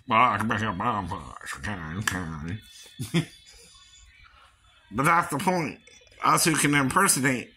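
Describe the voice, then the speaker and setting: Giggly guy talking slow about impressions, bright husky voice, keeps asking right?. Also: on the low side, big pitch swings, a little hiss or hum. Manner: laughs often, tags lines with "right?"; breaks into quick impressions and silly voices. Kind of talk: casual chat.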